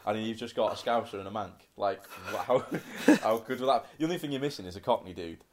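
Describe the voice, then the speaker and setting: Brief: young guy, slightly low voice, slangy and jokey co-host. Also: fast talker. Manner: laughing, bantering, slangy. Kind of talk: casual chat.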